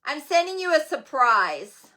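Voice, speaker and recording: A woman hosting a casual live craft demonstration, chatting excitedly and calling out viewers by name. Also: high-pitched, unhurried. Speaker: livestream host selling craft supplies and clothes.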